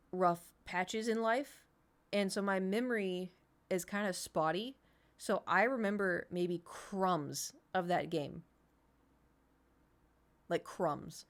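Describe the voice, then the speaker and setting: A woman in her thirties, streaming and chatting casually, rambling through an anecdote and answering chat as she goes. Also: lowish voice.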